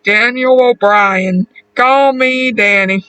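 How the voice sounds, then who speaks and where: A man voicing a weary, drunk man with a hoarse voice and blunt, brash talk. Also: very high-pitched, fairly even intonation, takes it slowly, pushed and bright, exaggerated voice, rough recording. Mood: gruff.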